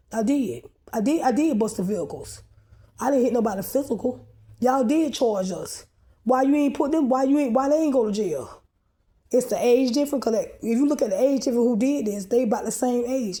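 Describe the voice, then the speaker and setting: A woman delivers a rambling monologue to her own camera, agitated and confrontational, swearing freely. Her voice sits a little high for a woman yet sounds dark and mellow. She stumbles, restarts and repeats words as she pushes on. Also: expressive, a little fast. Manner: agitated, profane, confrontational ranting. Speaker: vlogger posting a video.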